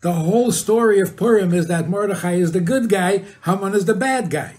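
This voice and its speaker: A man's voice: sits high, fairly quick, darkish tone. An older man, a rabbi, giving an informal talk to an audience, often asking questions and chuckling at his own points. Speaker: rabbi teaching.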